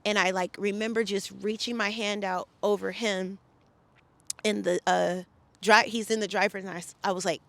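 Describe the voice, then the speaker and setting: Bay area woman on a podcast, cussing, heated and emphatic, dry close mic, middle pitch. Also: fairly even intonation, moderate pace, gravelly, fairly bright tone, dry recording. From San Francisco Bay Area. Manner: emphatic, profane, heated retelling. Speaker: podcast guest. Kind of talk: casual storytelling interview.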